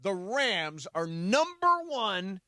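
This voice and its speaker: A man's voice: high voice, sing-song, takes it slowly, bright, forceful tone, dry recording, studio quality. A man co-hosting a sports radio show, chatting casually and laughing easily.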